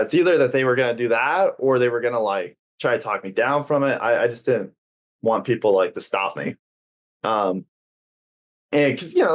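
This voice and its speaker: Young man, earnest, low-pitched, full of 'like'. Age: young adult. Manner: earnest, heavy use of 'like', hesitant restarts. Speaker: guest. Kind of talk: casual interview talk.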